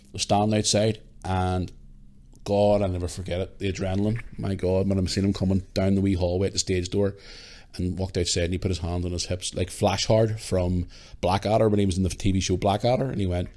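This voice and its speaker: Northern irish man, podcast host, low voice, casual storytelling, swears a lot. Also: a little fast. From Northern Ireland. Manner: swears freely, animated anecdotes.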